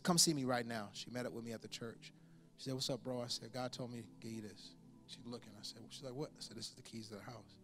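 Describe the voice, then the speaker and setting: A pastor in his forties delivering a sermon, telling a personal story with lively impressions of the people in it. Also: medium pitch. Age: 40s. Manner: storytelling with animated impressions and laughter.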